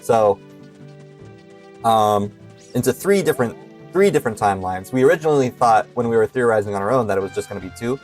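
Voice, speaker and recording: A man's voice: mid-range voice, lively intonation, a little fast, long pauses, soft background music. A young man giving casual commentary while playing a video game, hesitant and full of filler words. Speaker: streamer.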